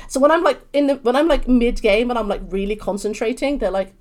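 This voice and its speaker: A bubbly young woman with a London accent, talking as an interview guest. Her voice sits a touch high, and she keeps her talk lively and expressive. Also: a little fast, hardly any pauses. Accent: British, London. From London, England. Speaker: podcast guest. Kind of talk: casual interview chat.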